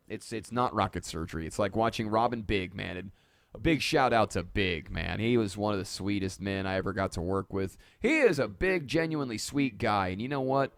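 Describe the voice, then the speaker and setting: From a dark home studio, a man hosts a laid-back live-stream monologue in a lowish, clean voice with no room sound. He talks briskly, rambles, cracks jokes and pokes fun at himself.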